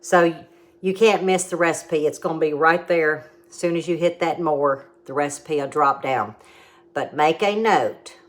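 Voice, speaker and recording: A middle-aged woman with a drawl talks through a home cooking demo and tasting in a chatty, homey way. Her voice sits low and unhurried, and she explains each step patiently.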